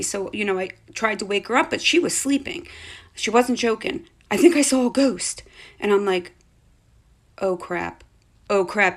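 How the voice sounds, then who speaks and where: A woman recounts an eerie family story in a casual, chatty way. She is animated and blunt and swears freely. She acts out each quote as she goes. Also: medium pitch. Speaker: mother telling a personal story.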